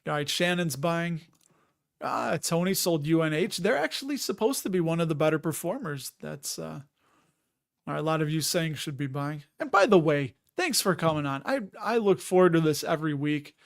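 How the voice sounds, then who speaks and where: A man hosting a live chat stream, talking in a loose, wandering way and sounding a bit worn out. His voice sits a little high for a man. He reads out viewer comments as he goes. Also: lively intonation, normal speed, vocal fry. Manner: rambling, chatty, reads viewer comments aloud. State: tired.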